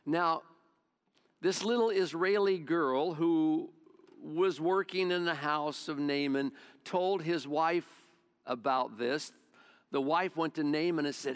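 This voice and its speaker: A male pastor delivers a sermon with folksy, conversational storytelling. His voice sits a little higher than most men's, and he drifts casually between scripture and his own asides. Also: slow, smooth.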